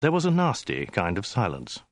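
A man narrating a comic story in a dry, deliberate comic delivery. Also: on the low side, wildly swooping pitch, dry recording. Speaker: audiobook narrator.

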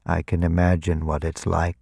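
A man's voice: sits low, no room sound, clean studio sound. A man voicing a cold, clinical vampire commander. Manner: measured, clinical and quietly menacing.

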